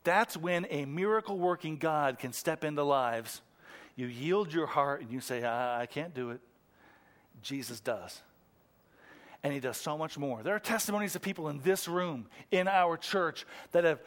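A man preaching a sermon in a church, swinging from excited emphasis to hushed intensity. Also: a little high, moderate pace. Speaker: pastor. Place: church room.

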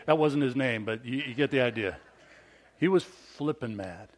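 A middle-aged man preaching a sermon in a conversational storytelling style, moving from loud emphatic bursts to hushed, almost whispered lines. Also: mid-range voice, lively intonation, moderate pace. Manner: conversational, with restarts and storytelling asides. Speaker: pastor.

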